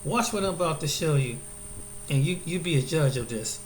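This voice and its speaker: A man giving casual commentary on a video, halting and restarting often. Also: on the high side, expressive. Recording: roomy echo, faint hum.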